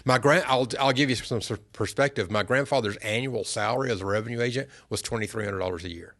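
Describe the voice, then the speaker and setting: A middle-aged man, a podcast guest, telling family stories in an earnest, unhurried way. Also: medium pitch, fairly bright tone. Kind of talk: casual storytelling interview.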